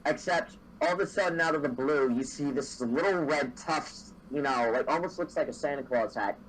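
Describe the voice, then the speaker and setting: A man's voice: a little high, moderate pace, a little hiss or hum, poor audio. A man narrating as game master of a tabletop game, meandering with many fillers and self-corrections.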